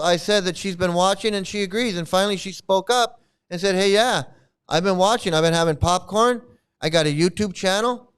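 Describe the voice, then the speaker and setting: A man with a high voice rants his way through a commentary on a replayed stream. His tone is crisp and clean, and his remarks come out scornful and mocking. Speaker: commentary host.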